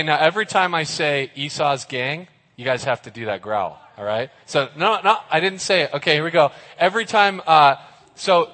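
Man, lively youth sermon, raised voice, echoing hall. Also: a little high. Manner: animated, jokey, gets the audience involved. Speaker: preacher.

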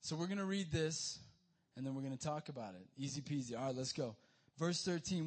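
A young man giving a youth sermon, energetic and casual, calling his listeners guys and dude. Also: a little high, quick pace. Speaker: youth pastor.

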